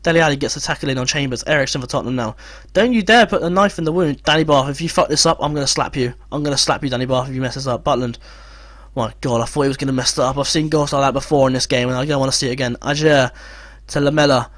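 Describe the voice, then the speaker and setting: Fast-talking, frustrated man. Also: mid-range voice, a bit bright, no echo. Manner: frustrated, swearing, exasperated. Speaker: gamer. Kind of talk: let's play commentary.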